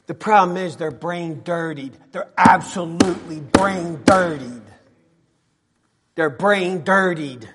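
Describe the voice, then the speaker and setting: A middle-aged man preaching a sermon in a church, repeating his phrases and swinging from soft asides to shouts. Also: fairly high pitch, breathy edge. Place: church sanctuary. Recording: long hall reverb.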